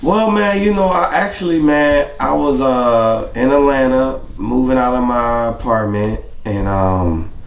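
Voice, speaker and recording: A man, a rapper guest in an interview, telling stories in a casual, animated way with lots of laughter. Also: mid-range voice, unhurried, hardly any pauses, reverberant. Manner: animated, laughing storyteller who acts out other people's lines.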